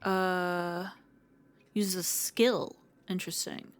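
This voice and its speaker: A woman's voice: fairly low pitch, little pitch movement, drawn-out words. A young woman hosting a let's play, chatting casually and reading the game's text aloud with frequent fillers. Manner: reads game text aloud between remarks, frequent fillers. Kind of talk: casual gameplay commentary.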